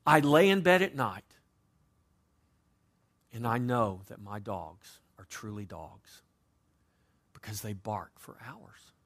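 A man preaching a sermon as pastor, with dynamic delivery that moves between loud emphasis and quiet, conversational asides. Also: on the low side, slow, long pauses. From United States.

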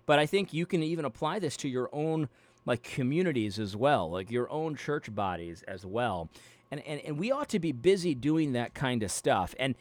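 Brief: a male Christian video commentator, casual and rambling, with a dry close recording and mid pitch. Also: no echo. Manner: rambling, repeats words, frequent fillers. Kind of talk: Bible reading then casual commentary.

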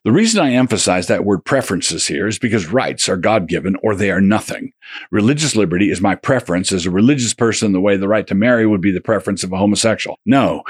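A man's voice: fairly low pitch, slightly rough, dry recording, clean studio sound. A man reading his own polemical essay aloud as a religious commentator, with a sardonic, combative manner and a run of rhetorical questions.

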